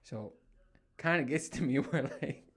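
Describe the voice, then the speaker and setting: A man's voice: fairly high pitch, unhurried. A man in his thirties hosting a casual solo podcast from a room in his home, telling stories with lots of swearing and acting out what people said. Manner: animated storytelling, heavy swearing, acts out quotes. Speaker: podcast host.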